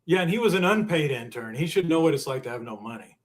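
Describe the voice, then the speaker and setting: A man co-hosting a podcast in casual chat, easygoing and halting, with restarts as he tells stories. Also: on the high side, animated. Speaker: podcast co-host.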